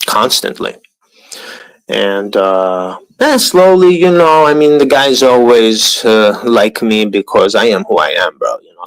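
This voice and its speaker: A man's voice: mid-range voice, poor audio. A man ranting on a live stream, profane and mocking, sometimes putting on voices to imitate others. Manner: animated, profane, mocking impressions.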